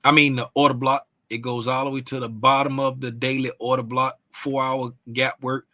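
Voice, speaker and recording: A man's voice: mid-range voice, little pitch movement, moderate pace, sharp tone, no echo. A man casually walking through market charts, thinking aloud with frequent ums and self-corrections. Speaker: trading analyst.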